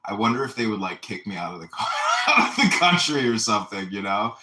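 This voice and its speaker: A man's voice: fairly low pitch, wildly swooping pitch, fast talker, heavy background noise. An American man chatting casually over a phone, telling meandering stories and quoting other people. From United States. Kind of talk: casual chat.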